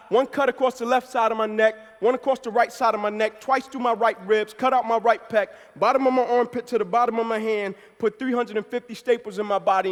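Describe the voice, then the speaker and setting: A man in his thirties giving a passionate motivational speech, telling his story and building to forceful, emphatic peaks. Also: very high-pitched. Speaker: motivational speaker. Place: event hall. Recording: speech in a reverberant hall.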